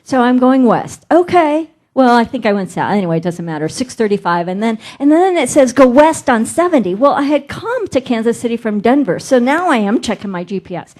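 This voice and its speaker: A woman's voice: a little high, very animated, fairly quick, hardly any pauses, darkish tone. A middle-aged woman minister delivering a sermon, telling a personal story and acting out her inner dialogue.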